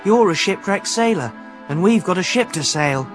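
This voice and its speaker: A man reading aloud, voicing a kind, earnest boy in a gentle tone. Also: sits high, animated, normal speed, over music.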